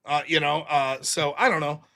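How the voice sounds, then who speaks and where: A man's voice: fairly high pitch, steady tone, moderate pace, gravelly, pushed and bright. A man hosting a live-streamed talk show in casual, profane chat, often mimicking other people in mocking voices. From United States. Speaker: show host. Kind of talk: casual livestream debate chat.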